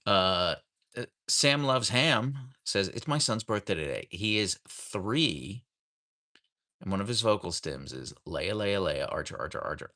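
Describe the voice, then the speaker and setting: On a rainy day at home, a man from the United States runs a casual livestream, reading out chat comments and welcoming viewers by name. He has a low, bright, forceful voice and sounds animated but unhurried. A tripod-mounted camera captures the audio.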